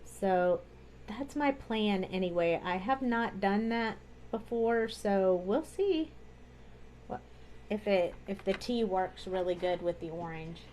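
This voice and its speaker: A woman's voice: medium pitch, slow pace, a little mellow, slight background noise. A woman hosting a live card-making tutorial, chatting casually as she talks through each coloring step at her craft desk.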